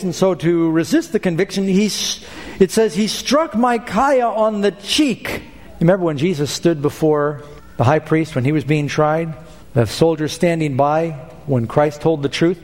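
A man's voice: a little high, a little mellow, big-room sound. A male pastor preaching a sermon, explaining a scripture passage and acting out the lines of the people in it. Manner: expository preaching, acting out quoted speech.

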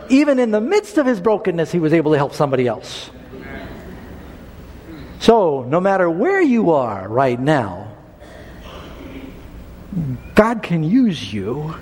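Middle-aged male pastor, fairly high voice, storytelling sermon delivery, big church reverb. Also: a little mellow, slight background noise. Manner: storytelling, preacherly rhythm. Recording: long reverb of a large hall.

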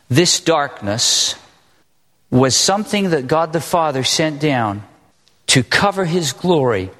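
A man's voice: fairly high pitch, a bit bright. Preaching man in a reverberant hall. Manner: preaching, asks the congregation questions. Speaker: pastor. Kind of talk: sermon.

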